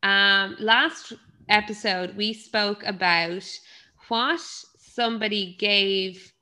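A woman's voice: mid-range voice, fairly even intonation, slow, bright, forceful tone. A young woman with an Irish accent, co-hosting a podcast and telling stories in casual chat, swearing freely. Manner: chatty storyteller, swears freely. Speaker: podcast co-host.

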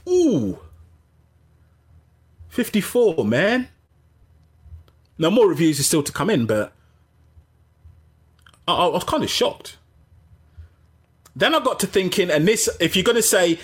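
A man talks through a casual gaming stream with a husky, slightly high voice that swings widely in pitch. He rambles, restarts his sentences and interrupts himself as he goes. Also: normal speed, long pauses. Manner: rambling, animated, self-interrupting. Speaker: gaming channel host. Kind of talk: casual livestream chat.

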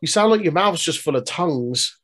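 Teasing man with a lively voice. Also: a little high, a little fast. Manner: teasing, banters and mocks. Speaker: podcast co-host. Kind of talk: casual chat.

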